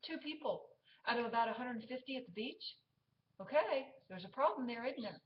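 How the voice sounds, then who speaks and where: A woman's voice: fairly high pitch, lively intonation, a little fast, highs cut off, a little hiss or hum. A woman vlogger preaching to her viewers in an emphatic, scolding way, full of fillers and restarts. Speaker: Christian vlogger. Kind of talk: preachy exhortation to camera.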